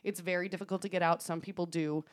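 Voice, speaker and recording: A woman's voice: fairly low pitch, steady tone, fast talker. Casual woman podcaster telling a story. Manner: laughs often, swears casually, fillers like "um" and "like". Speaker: podcast co-host.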